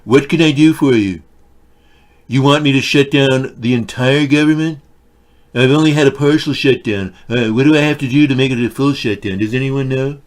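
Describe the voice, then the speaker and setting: A man putting on the voice of a brash, boastful older male politician who rambles loudly into a phone call. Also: medium pitch, normal speed, voice pushed up, natural voice. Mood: blustering. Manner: loud, blustering, rambling.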